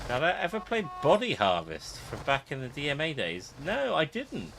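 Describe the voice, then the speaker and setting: A man's voice: a little high, huge pitch swings, normal speed, vocal fry, noisy background. A man streaming a game, jokey and rambling. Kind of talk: casual gameplay commentary.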